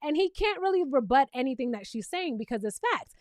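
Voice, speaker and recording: A woman's voice: high-pitched, very animated, brisk, darkish tone, no room sound, clean studio sound. A woman host recapping a reality show in casual commentary, sassy and emphatic, with pointed asides to the viewer.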